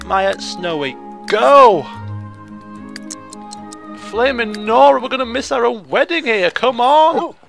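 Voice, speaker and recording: Male let's-player, high sing-song voice with gravelly edges, unhurried. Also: fairly bright tone. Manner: theatrical, exclaiming, chatty with game characters. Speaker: let's play host. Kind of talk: excitable gameplay commentary.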